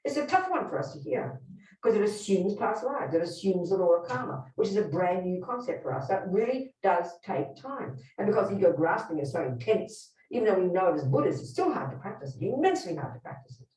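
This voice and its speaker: A woman's voice: medium pitch, big pitch swings, brisk, darkish tone, recorded from a distance. A Buddhist nun teaching a live workshop, speaking bluntly and emphatically and putting direct questions to her listeners. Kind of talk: teaching talk to a live group. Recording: roomy hall, speaker away from the mic.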